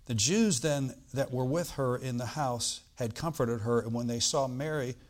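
A man preaching a sermon, reading scripture aloud and explaining it, swinging from loud bursts to quiet asides. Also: medium pitch, moderate pace. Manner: animated preaching, bursts loud on quoted lines then drops quiet; reads old-style scripture, asides with "all right?".

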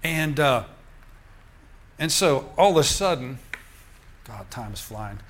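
Speaking slowly in a middle pitch, an older preacher recounts his own story to the church congregation as part of a sermon. He is lively and chatty in delivery, chuckling throughout.

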